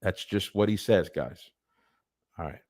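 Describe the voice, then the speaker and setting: A man's voice: low voice, a little slow, a little mellow, no room sound. A man presenting church history in an earnest, digressive, conversational lecture. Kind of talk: casual lecture.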